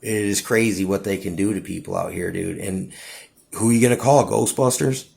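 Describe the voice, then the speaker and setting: A man with a low, gravelly voice talks in a loose, rambling monologue. He trips over his words, restarts sentences, and keeps dropping "dude" and "you know what I'm saying.". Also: moderate pace, darkish tone. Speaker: vlogger.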